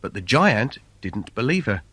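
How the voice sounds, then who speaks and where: A man's voice: fairly low pitch, sing-song, measured pace, bright, forceful tone, husky, no room sound. A man reading a comic fairy tale for children in a playful, sing-song storyteller manner. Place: recording studio. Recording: dry studio recording.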